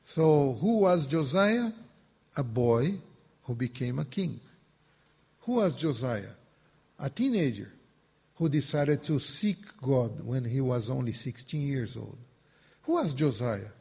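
Slow, mellow-voiced man preaching in a hall. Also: mid-range voice, animated, vocal fry, slightly rough. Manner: emphatic, repetitive preaching with rising bursts. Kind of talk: sermon. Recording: reverberant hall.

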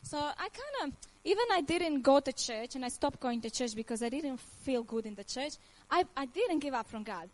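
A woman's voice: high voice, lively intonation, moderate pace, few pauses, a little mellow, low-quality recording. A woman in her thirties from Croatia with a Croatian accent, telling her personal faith testimony in earnest, emotional English with frequent laughs. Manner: earnest, emotional, laughs often, nonnative grammar. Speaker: testimony speaker.

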